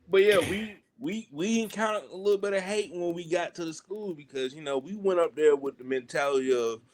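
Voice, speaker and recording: A lively man with a Southern US accent tells a story as an interview guest. His voice sits a little high for a man, and he slips into other people's voices as he goes, full of slang. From Southern United States. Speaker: guest wrestler. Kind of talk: animated storytelling.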